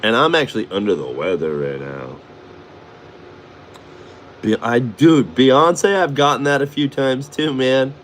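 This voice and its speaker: A man's voice: mid-range voice, animated, a little slow, pauses often, a little hiss or hum. A middle-aged man from Chicago rambling casually, cursing and laughing often. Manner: profane, laughs often, does voices. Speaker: vlogger.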